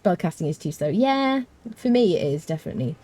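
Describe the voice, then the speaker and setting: Fairly quick and sing-song, with a fairly low pitch and a dark tone, a British woman rambles through casual live gameplay commentary. She leans on fillers and keeps answering her chat.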